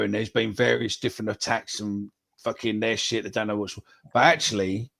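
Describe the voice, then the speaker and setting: A man with a medium-pitched, creaky and slightly bright voice co-hosts a live football podcast. He talks bluntly and swears freely in a casual live-stream chat.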